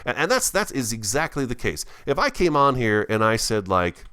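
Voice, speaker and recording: A man's voice: medium pitch, very animated, normal speed, few pauses, pushed and bright. A man hosting a Minecraft let's play, chatting casually with viewers in an enthusiastic, radio-style delivery. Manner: chatty, talks to himself while playing. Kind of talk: casual gameplay commentary.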